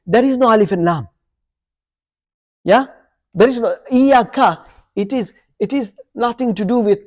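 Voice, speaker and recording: A man teaching an Arabic grammar lesson to a live class, quizzing students and checking in with "okay?" and "yeah?" as he goes. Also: high voice. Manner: corrects his own slips aloud.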